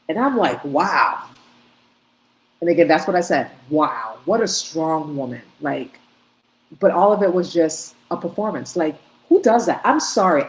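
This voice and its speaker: A woman's voice: lowish voice, low-quality recording. A woman hosting an opinionated commentary, talking emphatically in short bursts and repeating herself. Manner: emphatic, repetitive, talks in short bursts with restarts. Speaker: commentary host. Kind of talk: opinionated commentary on video clips.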